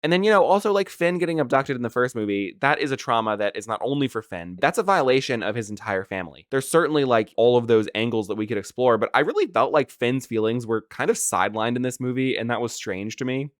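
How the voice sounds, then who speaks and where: A man's voice: mid-range voice, expressive, fast talker, hardly any pauses, dry recording, clean studio sound. A man hosting a casual film review, talking sarcastically and with exasperation, with many filler "like"s. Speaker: movie review host.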